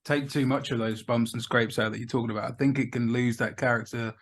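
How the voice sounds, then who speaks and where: A man's voice: mid-range voice, fairly even intonation, quick pace. A man hosting a music podcast interview, friendly and chatty and calling his guest "mate". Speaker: podcast host. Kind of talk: casual interview chat.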